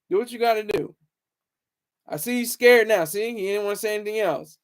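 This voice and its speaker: A young man ranting casually to his viewers, taunting critics in a loud, rambling way. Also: high voice, brisk, clean tone. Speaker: streamer talking to viewers. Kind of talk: casual livestream rant.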